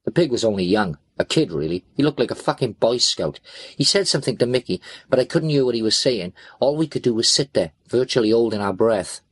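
A man narrates a gritty first-person crime story in a tense, blunt, expletive-laden voice. His pitch sits in a middle range. The recording is close and dry, with no room sound. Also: animated, a little fast, slightly rough, dry recording. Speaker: audiobook narrator.

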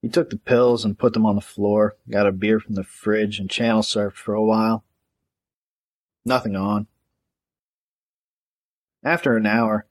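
A man narrating a gritty crime novel in a steady, matter-of-fact audiobook reading. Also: lowish voice.

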